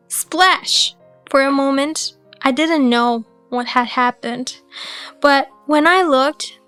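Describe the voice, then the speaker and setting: Slow, high-voiced woman narrating a story. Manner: even, measured storytelling. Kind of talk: first-person story narration.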